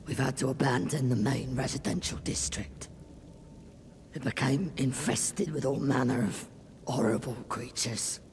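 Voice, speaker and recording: Man doing a weary river-folk leader, video game dialogue, gravelly voice, slow hesitant pleading, light hiss behind. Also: mid-range voice, a little mellow. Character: weary male leader of a fish-like river people.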